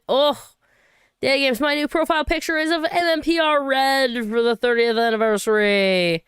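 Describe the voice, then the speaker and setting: A woman from Saint Louis hosting a casual livestream, chatty and quick to laugh and cheer, on a close home mic. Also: mid-range voice, a bit bright, clean tone, no echo. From Saint Louis, USA. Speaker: livestream host.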